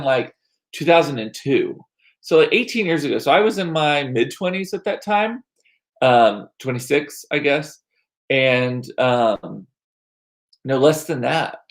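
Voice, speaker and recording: A man in his forties chatting casually with his stream viewers, telling rambling stories full of asides and restarts. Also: mid-range voice. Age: 40s. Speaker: livestream host reading chat.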